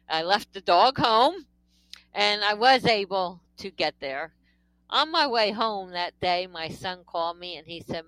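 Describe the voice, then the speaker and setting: This is an older woman telling her own faith story on a talk show. Her voice is bright, smooth and a little low. She speaks earnestly, pausing now and then with fillers, and the recording is dry and close. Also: lively intonation, no room sound, poor audio. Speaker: guest sharing her testimony.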